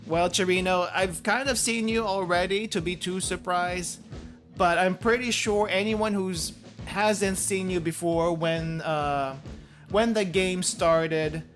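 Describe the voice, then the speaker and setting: A man's voice: sits high, fairly even intonation, slow pace, a bit bright. A young man giving casual gameplay commentary, rambling and correcting himself as he plays. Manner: rambling, self-correcting, laughs often. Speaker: gaming streamer. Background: game music.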